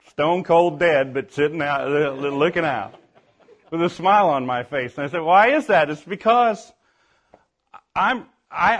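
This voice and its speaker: An older man with a fairly high voice delivers a playful, folksy sermon. He often restarts his words and slips into a spelled-out sing-along. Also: fairly bright tone. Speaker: preacher.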